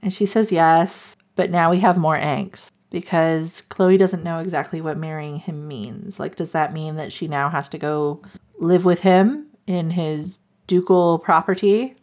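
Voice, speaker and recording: A woman's voice: sits low, a little slow. A woman casually retelling a romance novel's plot, laughing often and acting out the characters' lines. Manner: animated, laughs often, acts out quotes. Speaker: podcast host recapping a book. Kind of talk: casual chat.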